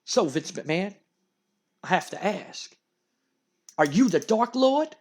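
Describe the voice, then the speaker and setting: A man voicing an earnest, formal male private detective who questions and pitches himself as a bodyguard. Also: sing-song, slow, exaggerated voice. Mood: accusing. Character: earnest male private-eye wrestler, self-important.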